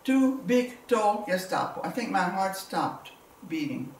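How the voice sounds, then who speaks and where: A woman's voice: mid-range voice, very animated, measured pace, a little hiss or hum. A woman, giving a personal testimony as a war survivor and telling it vividly with repeated words. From Belgium. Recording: roomy, distant mic, faint ambience.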